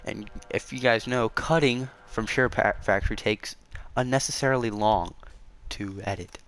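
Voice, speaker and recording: A man's voice: fairly low pitch, normal speed, fairly bright tone. A man hosting his small gaming channel, rambling casually and defensively, repeating himself and stuttering often. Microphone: console game capture.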